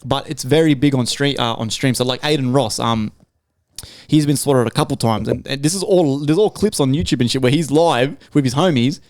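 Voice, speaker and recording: This is a man hosting a podcast, his voice smooth and crisp on a dry, close sound. He rants freely, swearing a lot and restarting his sentences as he goes. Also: medium pitch, a little fast, darkish tone, no echo. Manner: swearing, rambling rant with restarts. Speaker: podcast host. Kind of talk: casual podcast chat.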